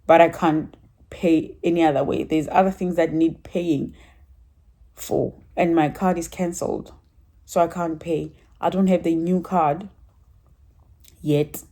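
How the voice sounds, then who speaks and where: A woman with a mellow, low-pitched voice gives a casual spoken testimony at church. Her telling is chatty and rambling, with frequent laughter and some emotion.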